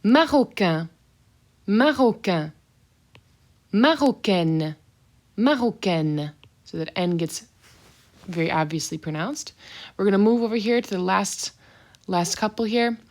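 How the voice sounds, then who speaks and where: A woman's voice: mid-range voice, fairly even intonation, moderate pace, long pauses, a little mellow. A woman teaching a French vocabulary lesson, saying each word twice, then explaining it in brief asides.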